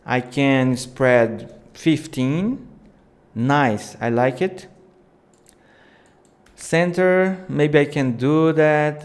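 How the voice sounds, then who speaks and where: A man hosting a live video editing tutorial, thinking aloud in unhurried, with small slips. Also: mid-range voice, a little mellow. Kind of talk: live screen-share tutorial.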